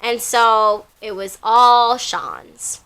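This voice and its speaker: A young woman with a somewhat high, bright voice tells a story to her viewers in a casual vlog. She talks in a chatty, animated way, packed with filler words. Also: extremely slow, smooth. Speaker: storytime vlogger.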